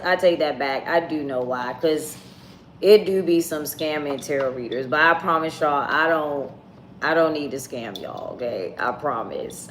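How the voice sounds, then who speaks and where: Blunt, chatty woman tarot reader. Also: deep voice. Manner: casual, blunt, chatty with viewers. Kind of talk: live tarot reading stream. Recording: echoey room with faint ambient noise.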